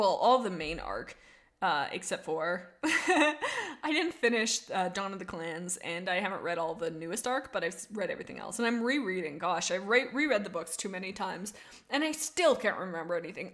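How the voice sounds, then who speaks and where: Excitable young woman streamer gushing to chat. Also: a little high. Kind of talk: casual live-stream chat.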